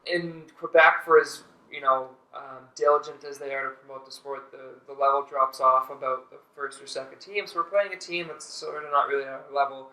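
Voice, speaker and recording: A Canadian man, a podcast guest, telling a story with animated energy and laughing often as he talks. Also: mid-range voice, fairly quick, few pauses, echoey room, rough recording. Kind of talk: casual storytelling. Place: podcast studio.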